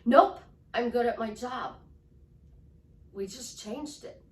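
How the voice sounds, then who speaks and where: A woman's voice: a little high, fairly even intonation, takes it slowly, distant mic. A woman life coach teaching with enthusiasm, swinging her voice up and down to show how tone changes. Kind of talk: motivational teaching. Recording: roomy echo, voice from off-mic.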